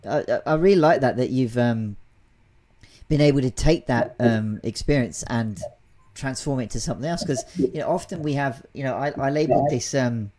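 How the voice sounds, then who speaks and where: A man's voice: medium pitch, moderate pace, mellow. A man hosting a podcast interview, summing up his guest's story in a reflective, affirming way with hesitant fillers. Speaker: podcast host. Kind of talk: conversational interview.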